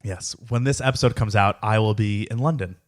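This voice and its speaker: A man's voice: lowish voice, a little fast. A man co-hosting a podcast in casual chat, joking around and slipping into silly put-on accents. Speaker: podcast co-host.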